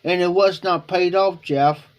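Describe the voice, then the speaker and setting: The audio is dull, and the male live-stream host's voice sits high, with a steady tone and measured pace. He relates a personal story in a loose, rambling, casual way, frequently repeating himself and quoting others.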